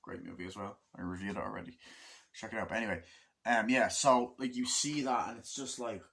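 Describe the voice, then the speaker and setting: A man giving a casual movie review, excitable and swearing constantly, acting out scenes in raised voices. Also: fairly low pitch, brisk, creaky, husky.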